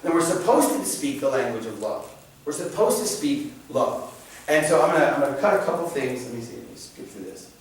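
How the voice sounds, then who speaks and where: A man giving an informal faith talk to a class, animated and joking, often restarting his sentences. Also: mid-range voice, fast, a little hiss or hum. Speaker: catechism class presenter. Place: church meeting room. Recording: very echoey room, mic at a distance.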